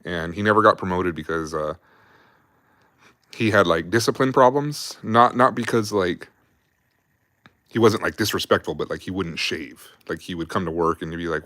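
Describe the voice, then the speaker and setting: A man's voice: deep voice, moderate pace, a bit bright, no room sound, studio quality. A man, an army veteran hosting a livestream, telling war stories casually with lots of swearing and fillers while drinking beer. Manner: rambling, profane, heavy on fillers. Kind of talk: casual storytelling.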